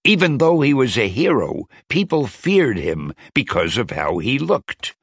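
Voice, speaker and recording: A man reading a children's picture book aloud in a gentle, expressive way. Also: medium pitch, measured pace, creaky, husky, dry recording. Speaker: children's storybook reader. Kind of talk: read-aloud storytelling.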